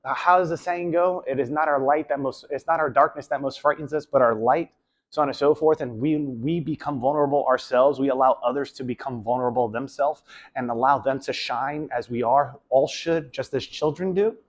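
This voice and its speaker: A man's voice: medium pitch, a little fast. Rambling man giving casual advice. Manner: rambling, repeats "so on and so forth". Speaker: video host. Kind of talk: casual advice talk to camera.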